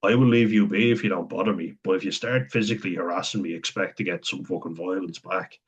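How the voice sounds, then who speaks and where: A man's voice: low voice, fast, breathy edge. A young man in a candid, profane personal monologue, talking frankly and conversationally. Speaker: vlogger. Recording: dull lo-fi sound.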